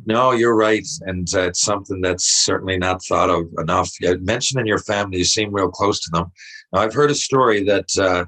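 A man hosting a casual interview, talking haltingly and often restarting his sentences. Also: deep voice, a bit bright, rough recording. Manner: halting, repeats words and restarts.

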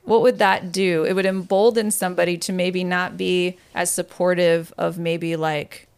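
Young adult woman co-host; low, smooth but gravelly voice, earnest and halting delivery. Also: flat delivery. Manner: earnest, halting, repeats herself. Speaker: podcast co-host. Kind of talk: casual chat.

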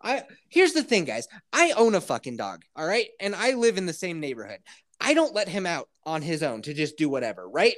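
A man's voice: a little high, brisk. Guy ranting a story on a podcast, swears a ton, voice jumps all over, acts out the other people. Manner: animated, profane, acts out quotes. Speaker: podcast host. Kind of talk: casual storytelling chat.

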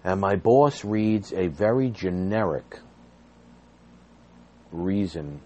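A man's voice: low-pitched, lively intonation, slow pace, mellow, lo-fi sound. A man earnestly recounting, in an emotional personal story, how he was fired from his job as a behavior therapist. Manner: earnest, agitated retelling with rising intensity.

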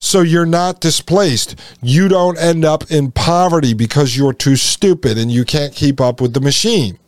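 A man hosts a political commentary podcast in a fairly high, slightly slow voice, speaking emphatically and repetitively and often calling his listeners "folks." The audio is studio quality with no echo.

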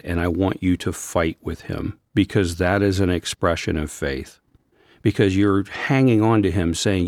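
A man co-hosting a faith podcast as a Christian counselor, talking earnestly and gently, slowing when moved. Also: deep voice, no echo, studio quality. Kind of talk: reflective faith discussion.

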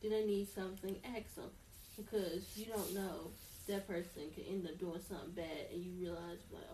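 A woman's voice: fairly low pitch, fairly even intonation, normal speed, mellow. A woman co-hosting a casual opinion talk, earnest and pleading, acting out the thoughts she quotes. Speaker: co-host. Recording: echoey room, distant mic, faint background noise.

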